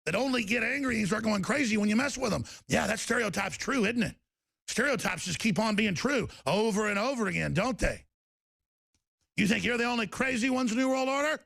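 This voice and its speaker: A man's voice: high-pitched, expressive, a little fast, gravelly, a bit bright, no echo, studio quality. A man hosting a political talk show, ranting angrily and repeating himself. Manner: angry, ranting, repetitive.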